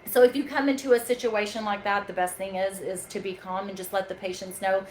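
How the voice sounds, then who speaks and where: A woman calmly telling a staff-training story from a chiropractic front desk, patient and talkative. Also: medium pitch, fairly quick, few pauses, slight background noise, low-quality recording. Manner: calm, patient, storytelling with quoted dialogue. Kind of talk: casual staff training talk.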